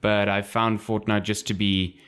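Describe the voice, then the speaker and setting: A man co-hosting a casual gaming podcast, rambling and quick to joke. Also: lowish voice, flat delivery, fairly bright tone, clear, resonant tone. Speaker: podcast co-host.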